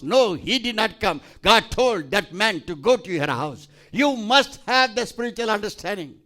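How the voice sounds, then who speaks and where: A male pastor preaching a sermon, emphatic and repetitive, pausing for scripture readings. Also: sits high, animated, pushed and bright.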